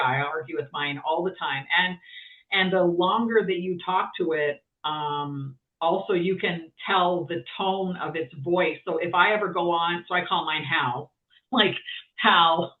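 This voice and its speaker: A woman guest chatting casually, rambling with lots of fillers and restarts. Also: on the low side. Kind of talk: casual conversation. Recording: tinny phone-like sound from far off.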